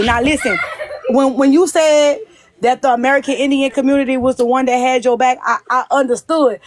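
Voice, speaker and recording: A woman with a high voice speaks earnestly on a phone live stream. She calls for attention and stumbles over restarts. The sound is dry and close. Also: no echo.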